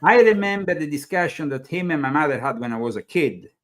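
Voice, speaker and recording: An Italian man with an accent hosts a talk show, speaking fairly quickly in an expressive voice on the high side. His conversational interview style rambles and hesitates, full of fillers.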